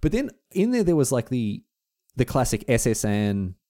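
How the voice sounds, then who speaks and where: A man co-hosting a podcast, chatting casually and telling an animated anecdote. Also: mid-range voice, normal speed. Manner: animated anecdote-telling, quotes friends in exaggerated voices. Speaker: podcast co-host. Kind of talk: casual chat, storytelling.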